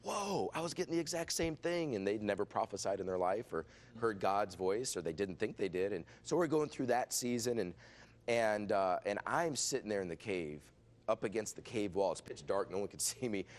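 Excitable man telling a testimony. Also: on the low side, normal speed. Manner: excitable, restarts often, acts out quoted voices. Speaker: pastor, interview guest. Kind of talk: animated storytelling testimony.

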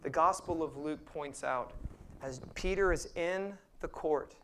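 A male pastor preaching a sermon, passionate and emphatic, swinging between loud bursts and hushed asides, with sarcastic jabs. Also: on the high side, measured pace, a little hiss or hum. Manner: sarcastic mock voices for points.

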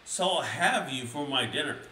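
Man voicing a storybook troll, big, hairy, hungry, roaring, bright tone, roomy sound. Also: on the high side, expressive, normal speed, recorded from a distance, slight background noise. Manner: roaring, crude threats.

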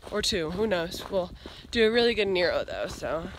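A young woman, a long-distance hiker vlogging outdoors on a trail, chats casually and rambles with lots of fillers, her nose congested and throat scratchy. Her voice is fairly low with big pitch swings, at a moderate pace.

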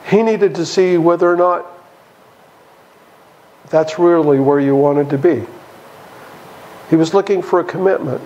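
A man's voice: a little high, unhurried, long pauses, a little mellow, dull audio. A man preaching a Bible study sermon in a church, emphatic and chuckling as he goes.

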